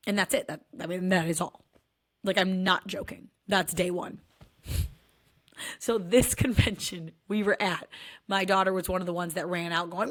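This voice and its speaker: A woman's voice: medium pitch, brisk, fairly bright tone. A woman, a dance mom, telling comic stories about her life in a candid, wry, self-mocking way that swears freely. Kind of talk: comedic personal storytelling.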